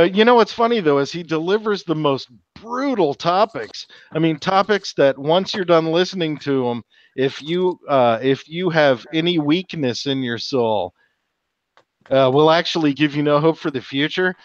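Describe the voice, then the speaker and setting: A man's voice: on the high side, moderate pace, dry recording, highs cut off. A man hosting a casual livestream chat, joking and swearing as he tells stories. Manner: crude, joking storyteller. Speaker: host.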